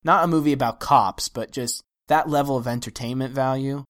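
A man's voice: mid-range voice, brisk, a bit bright. Wry, hesitant male podcast host. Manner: hesitant, restarts thoughts, wry. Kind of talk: casual film discussion.

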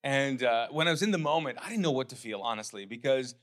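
Animated pastor from Pakistan. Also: male voice, mid-range voice, fast. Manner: animated storytelling that turns quiet and earnest. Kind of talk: sermon.

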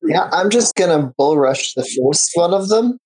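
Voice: mid-range voice, lively intonation, normal speed, a little mellow, husky, low-quality recording. A player in a tabletop game, thinking aloud with a wry tone. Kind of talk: casual tabletop play.

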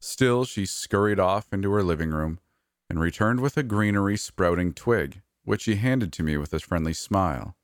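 Deep-voiced man narrating a story. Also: normal speed, no room sound, clean studio sound. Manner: steady storytelling read. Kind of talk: scripted narration.

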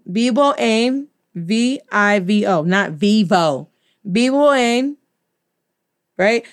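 A woman from the United States, a teacher giving an animated language lesson, playful and slowly spelling words out letter by letter. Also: medium pitch, smooth. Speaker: Spanish teacher.

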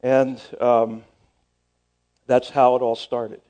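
A man's voice: medium pitch, little pitch movement, slow pace, mellow. A middle-aged male pastor telling a story in a sermon, casual and self-deprecating, often repeating and restarting words.

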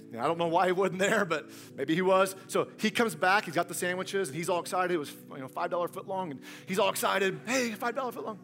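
A man preaching a sermon, telling the story with humor and swinging from hushed to loud. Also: high-pitched, fast, hardly any pauses, faint music behind. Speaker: pastor.

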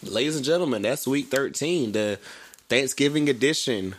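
A man's voice: mid-range voice, lively intonation, moderate pace. A man co-hosting a casual sports podcast, talking in a laid-back, slangy, rambling way with lots of fillers. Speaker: podcast co-host.

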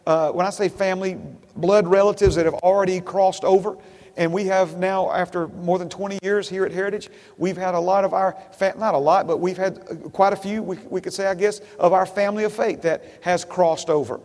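A man's voice: high-pitched, fairly even intonation, a little fast, a little mellow. Man preaching in a reverberant church. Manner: repeats phrases for emphasis, asks the congregation questions. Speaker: pastor. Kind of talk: sermon. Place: church sanctuary.

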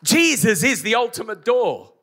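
A middle-aged man preaching at a church service, his voice sitting very high for a man and ringing bright and forceful. He drives his points home with repetition and rhetorical questions thrown at the congregation. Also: very animated, normal speed. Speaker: pastor. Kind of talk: sermon.

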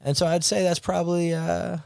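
A man's voice: sits high, a little fast, gravelly, dry recording. Dry-voiced man telling a coaching story. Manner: animated, slangy, with mild swearing. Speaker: basketball coach and teacher. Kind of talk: casual storytelling in a podcast chat.

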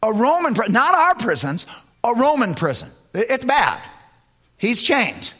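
A male pastor preaching in a husky, fairly high voice. He swings from loud, emphatic declarations down to low, quiet asides, and his pitch moves a lot as he drives each point home. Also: big pitch swings, a little slow. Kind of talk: sermon.

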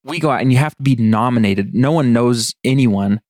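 A man from Montana tells a story on a podcast in relaxed, chatty talk. He laughs easily and breaks into little impressions. His voice is mid-pitched and sounds close and dry. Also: no room sound. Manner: laughing, animated storyteller doing quick impressions. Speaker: podcast co-host. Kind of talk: casual storytelling chat.

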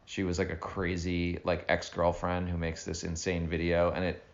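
Deep-voiced sarcastic man chatting. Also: completely flat delivery, normal speed, gravelly. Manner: dry, sarcastic, rambling. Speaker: podcast co-host. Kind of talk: casual chat. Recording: dull roomy home recording.

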